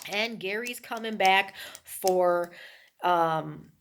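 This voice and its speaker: A woman's voice: mid-range voice, very slow, background noise. A woman casually retelling a movie's plot, rambling with emphatic asides to her listeners. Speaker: movie reviewer.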